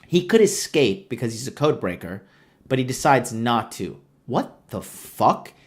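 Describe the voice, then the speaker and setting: A man's voice: mid-range voice, big pitch swings, moderate pace. A man giving a sarcastic, profane rant of a movie review, retelling scenes with exasperation. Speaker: online commentator.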